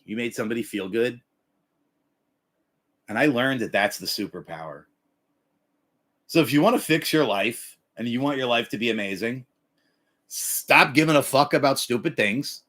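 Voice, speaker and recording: Animated swearing livestream host, man. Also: medium pitch. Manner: animated, swearing, breaks into yelled impressions. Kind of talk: profane motivational rant.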